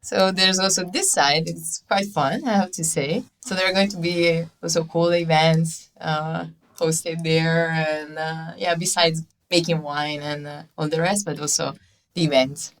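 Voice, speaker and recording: A woman's voice: low-pitched, steady tone, a little slow. A woman in her twenties with an Italian accent, a guest answering questions in English with many fillers and shy laughs. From Italy, Veneto. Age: 20s. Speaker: guest winemaker. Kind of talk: casual interview chat.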